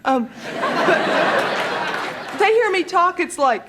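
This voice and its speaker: A woman's voice: very high-pitched, lively intonation. Woman, Southern American accent, sassy drawling stand-up, hissy old broadcast tape, roaring studio crowd. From Georgia, US South. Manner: wry, sassy delivery with a drawl, pausing for laughs. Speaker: stand-up comedian. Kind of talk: stand-up comedy routine. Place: TV studio stage with live audience. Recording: noisy broadcast TV recording with loud audience. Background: audience laughter and applause.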